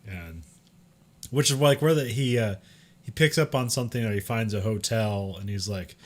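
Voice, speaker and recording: A man's voice: fairly low pitch, moderate pace. A man in casual podcast chat, with chatty trailing sentences and frequent laughs. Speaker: podcast co-host.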